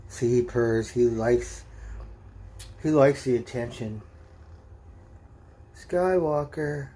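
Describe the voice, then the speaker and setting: A man speaks slowly and gently, his voice mellow and warm in tone as he coos to his cat. He chats casually for a vlog, drawing out his words in a soft, affectionate way. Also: medium pitch, fairly even intonation, husky. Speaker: vlogger. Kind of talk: casual chat and talking to a pet.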